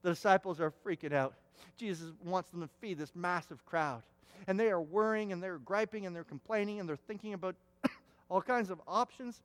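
A man's voice: high-pitched, normal speed. A man preaching a sermon as pastor, emphatic and repeating words for stress, with a long hall reverb.

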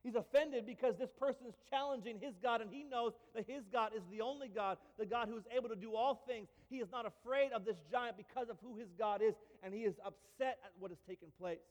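A man's voice: very high voice, fast talker, few pauses. A man preaching a sermon as a pastor, emphatic and repetitive with touches of light humor. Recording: long reverb of a large hall.

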